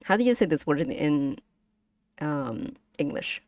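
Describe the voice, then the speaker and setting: Woman, casual lesson stream, patient, drawn-out delivery. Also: low voice, very animated, a little mellow, dry recording. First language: Vietnamese. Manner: patient, repeats and models tones, giggles often. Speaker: streamer teaching Vietnamese.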